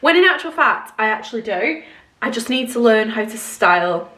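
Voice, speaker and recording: A woman's voice: a little high, lively intonation, moderate pace, sharp tone. A young woman, chatting casually to camera in her bedroom, rambling and self-deprecating. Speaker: vlogger. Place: bedroom at home.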